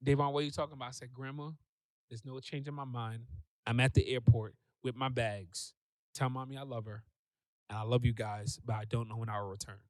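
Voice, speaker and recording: New guy, guest on a show, animated storytelling, smooth dry voice. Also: medium pitch, fairly quick, no room sound. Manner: animated, acts out quoted voices. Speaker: podcast guest. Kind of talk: personal storytelling.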